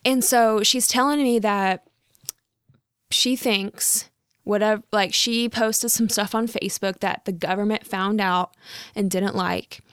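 A woman's voice: mid-range voice, steady tone, unhurried, fairly bright tone, clean tone, dry recording, clean studio sound. A young woman, a real estate agent, telling a story in a casual vlog, chatty with lots of fillers and frequent laughs.

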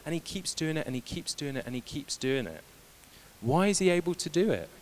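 A man's voice: on the high side, a little fast. Preacher man retelling scripture casually. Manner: retells scripture dialogue in lively, casual voices. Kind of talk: sermon.

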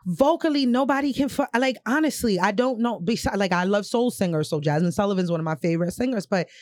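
A woman in her forties talks in an animated, emphatic way, swearing freely as she chats on a podcast. The sound is dry and close, with no room around it. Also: mid-range voice, quick pace, no echo. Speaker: podcast co-host. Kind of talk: casual chat.

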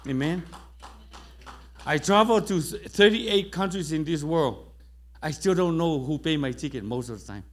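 A man's voice: a little high, lively intonation, a little slow. A middle-aged man preaching a sermon, telling a personal testimony with quoted dialogue, in slightly broken English in a church. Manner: non-native grammar, storytelling with quoted dialogue.

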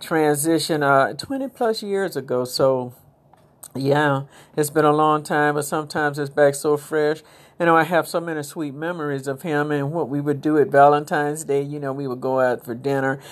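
A woman's voice: low-pitched, steady tone, moderate pace. A woman hosting her own podcast, talking in a rambling, chatty way with religious phrasing. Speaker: podcast host. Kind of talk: casual inspirational podcast monologue.

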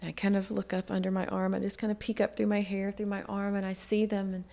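A woman's voice: medium pitch, level tone, quick pace, vocal fry, warm tone. A woman earnestly telling a personal story in conversation, acting out what others said along the way. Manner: earnest, reflective storytelling with quoted dialogue. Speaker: guest telling her life story.

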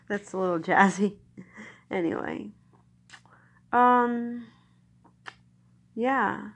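A woman's voice: medium pitch, slow, creaky, long pauses. A woman chatting casually about films in a rambling, nostalgic way. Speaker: vlogger reviewing films. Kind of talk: casual chat.

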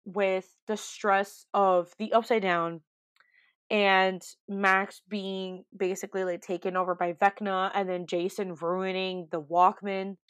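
Slow-talking young woman, emphatic chat. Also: mid-range voice, flat delivery, clean tone, no room sound. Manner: emphatic, repeats words for effect. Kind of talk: casual chat.

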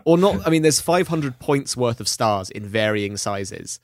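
A man co-hosting a podcast, telling stories quickly and with animation. His voice is recorded dry and close. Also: medium pitch, animated, dry recording. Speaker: podcast co-host. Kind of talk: casual podcast chat.

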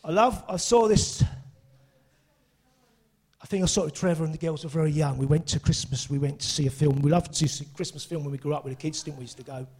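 A middle-aged man preaching a sermon, excitable and breaking into shouts and exclamations. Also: fairly high pitch, fast talker, breathy edge.

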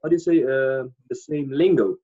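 A man from the Netherlands with a Dutch accent chats casually, hesitating and searching for words with many fillers. His medium-pitched voice is dark with a breathy edge, at a moderate pace, in a dull lo-fi recording.

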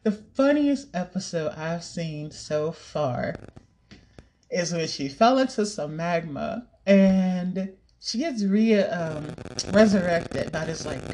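A woman's voice: lowish voice, takes it slowly, darkish tone, a little hiss or hum. A young woman chatting casually to camera, rambling, giggling and swearing now and then. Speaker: vlogger. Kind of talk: casual chat.

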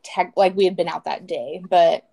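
A woman's voice: on the low side, fairly even intonation, moderate pace, vocal fry, warm tone. A young woman co-hosting a podcast, chatting casually and rambling with many fillers. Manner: rambling with many likes and restarts. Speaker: podcast co-host. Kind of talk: casual chat.

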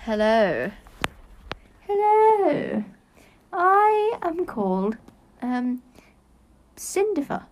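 A teenage girl putting on a high, lovestruck young woman who gushes breathlessly about her boyfriend. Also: sing-song, drawn-out words, pauses often, exaggerated voice. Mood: swooning. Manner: breathless swooning gush.

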